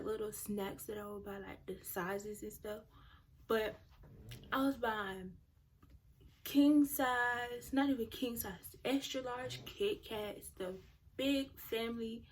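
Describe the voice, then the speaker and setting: A teenage girl vlogging, telling her story in a chatty, animated way straight to her viewers. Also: a little high, slight background noise. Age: teens. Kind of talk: casual storytime.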